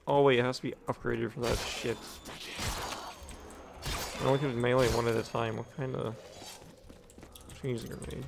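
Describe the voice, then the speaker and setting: Young guy w a super gravelly voice cussing casually while gaming, noisy mic, keyboard tapping behind. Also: medium pitch, level tone, normal speed, long pauses. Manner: profane, offhand, talking to himself. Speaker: gaming commentator. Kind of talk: casual gameplay commentary.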